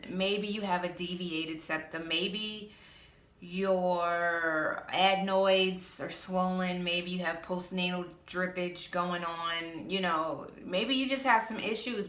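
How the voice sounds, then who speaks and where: A woman's voice: on the low side, a bit bright, roomy sound. A woman vlogger ranting bluntly with a slightly nasal voice, sassy and exasperated. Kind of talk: ranting vlog.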